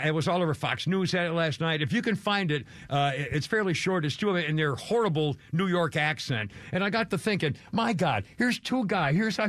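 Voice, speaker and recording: A man's voice: sits high, a bit bright, no echo. A man hosting a radio show, talking casually in a rambling, chuckling way with many restarts.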